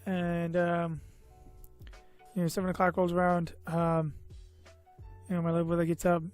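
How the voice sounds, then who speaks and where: A man's voice: fairly high pitch, monotone, moderate pace, a little mellow. Tired, rambling young man vlogging. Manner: meandering, full of "you know" and "uh", self-mocking. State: tired and a bit loopy. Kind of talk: rambling personal story. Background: faint background music.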